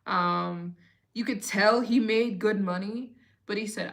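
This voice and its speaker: A woman in her late twenties, chatting casually and telling stories in an expressive way as the host of a live Q&A stream. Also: medium pitch, slow pace. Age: 20s. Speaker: travel vlogger hosting a live Q&A.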